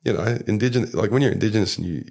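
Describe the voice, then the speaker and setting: A young Australian man tells a story in a casual podcast chat. His voice sits very low and carries a gravelly fry. He rambles from thought to thought and leans on fillers. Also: rapid-fire, darkish tone. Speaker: podcast guest, rugby league player.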